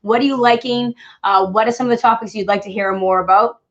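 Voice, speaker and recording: Fast-talking Boston woman host. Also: mid-range voice, fairly even intonation, lo-fi sound. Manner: chatty, many fillers, friendly. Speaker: podcast host. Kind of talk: casual chat and solo talk.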